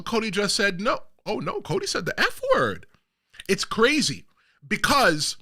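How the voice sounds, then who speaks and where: A man hosting casual wrestling commentary, animated and playful, talking in street slang. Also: high-pitched.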